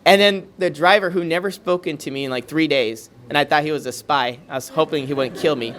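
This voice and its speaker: A man speaking to a community gathering, telling a story in an animated way, with laughs and repeated words between lines. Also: a little high, brisk, a little hiss or hum. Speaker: guest speaker at a community meet and greet. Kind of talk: storytelling speech to a crowd. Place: community event hall.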